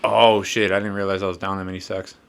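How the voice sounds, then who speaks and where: A man's voice: low-pitched, level tone, fast talker, vocal fry, background noise. Twenties guy, casual gaming podcaster, profane, self-deprecating, rambling storyteller. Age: 20s. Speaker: podcast host.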